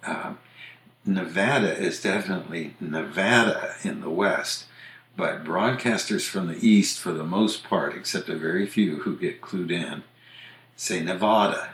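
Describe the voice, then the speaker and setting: An older podcast host who writes about usage chats casually and thoughtfully about how words are pronounced, using plenty of fillers. He speaks in a low voice at an unhurried pace, with a roomy echo around him.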